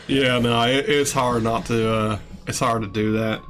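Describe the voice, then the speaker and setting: A man's voice: medium pitch, fairly bright tone. A man from Texas chatting casually on a stream, laughing often. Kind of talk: casual chat.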